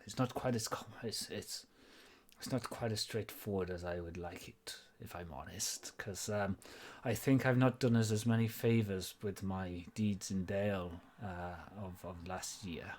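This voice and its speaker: A man voicing a kindly, weary old male dwarf lord in a put-on Welsh accent, speaking softly. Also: low-pitched, fairly even intonation, a little slow. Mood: regretful.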